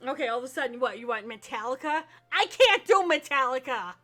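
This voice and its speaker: Bright-voiced woman running a tabletop game. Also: sits high, lively intonation, fairly quick, faint music behind. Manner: casual and profane. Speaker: game master.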